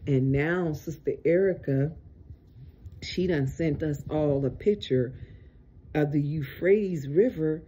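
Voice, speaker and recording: With a warm, mid-range voice, this online preacher delivers a casual video sermon full of long, emphatic urgings. He comes across weary and fed up, and a little background noise is audible.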